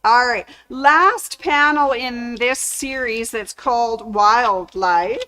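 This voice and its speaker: Slow and a little high, her voice comes across pushed and bright with a clean tone, despite poor audio. She's a chatty fabric store livestream host showing off products and tossing out corny puns.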